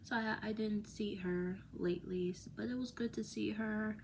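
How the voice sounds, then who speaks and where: A woman in a casual vlog, talking in a loose, rambling way and laughing often. Her voice sits at a middle pitch, and at times she slips into a whisper. A faint hiss of noise runs underneath. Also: steady tone, normal speed, creaky. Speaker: vlogger. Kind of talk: casual chat to camera.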